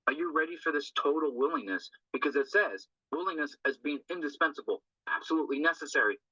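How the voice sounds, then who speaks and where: A man's voice: a little high, animated, fast talker, pushed and bright, no room sound. A man talking earnestly and loosely through a recovery text, often checking in with a tag question. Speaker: recovery group speaker. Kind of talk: informal talk on a recovery text. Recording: dull lo-fi dry recording.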